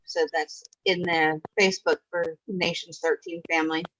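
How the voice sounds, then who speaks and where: A woman's voice: on the low side, level tone, normal speed, fairly bright tone. Chatty woman host on a muffled line. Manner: chatty, swears freely. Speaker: stream host. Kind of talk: casual chat. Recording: muffled with faint noise.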